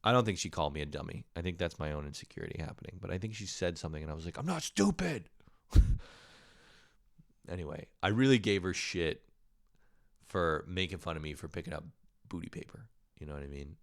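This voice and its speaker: A man's voice: low voice, quick pace, dry recording, clean studio sound. A man hosting his own show, telling a rambling, profane, self-mocking story in a casual way, with a sore throat. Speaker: podcast host. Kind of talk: casual comedic storytelling monologue.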